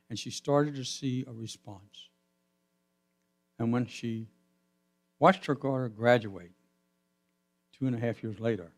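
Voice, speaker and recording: Male pastor, storytelling sermon in a church, mid pitch, voice rises and falls. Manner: storytelling, voice swelling and dropping to a hush. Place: church sanctuary.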